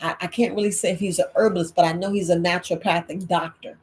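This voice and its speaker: A woman's voice: fairly low pitch, steady tone, fast talker, darkish tone. Emphatic woman herbalist preaching to viewers. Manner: emphatic, preachy, repeats points. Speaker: herbalist host. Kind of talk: late-night Q&A livestream talk.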